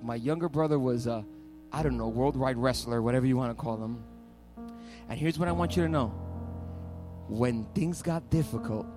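A man preaching a sermon as pastor, telling stories with animated energy and building to loud, fervent preaching. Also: medium pitch.

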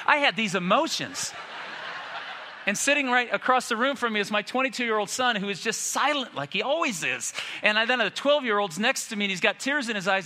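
A man's voice: sits high, expressive, fairly quick, in a large hall, background noise. A man in his fifties preaching a sermon, telling stories with self-deprecating humor. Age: 50s. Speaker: pastor.

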